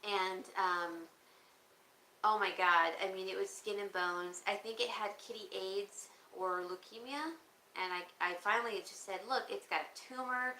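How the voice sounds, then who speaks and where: Woman streamer host, casual rambling chat, bright voice, roomy echo with faint hiss. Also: mid-range voice, fairly even intonation, measured pace. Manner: chatty, rambling, talks back to viewer comments. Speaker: livestream auction host. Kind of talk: casual livestream chat with viewers. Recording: echoey room with faint background noise.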